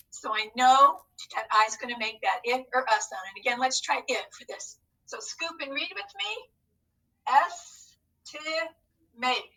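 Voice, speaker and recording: A woman's voice: sits high, sharp tone, distant mic, rough recording. A woman teacher leading a recorded phonics lesson, upbeat and coaxing as she talks to unseen students.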